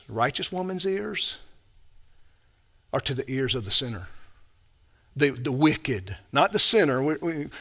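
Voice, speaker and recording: A man preaching a sermon, emphatic and deliberate, rising to loud stresses and dropping to quiet asides. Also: a little high.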